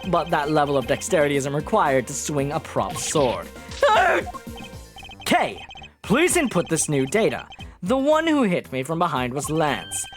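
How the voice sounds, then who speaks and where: A woman streamer reading game dialogue aloud in an expressive way, with joking asides. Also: sits low, moderate pace. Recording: game music playing behind.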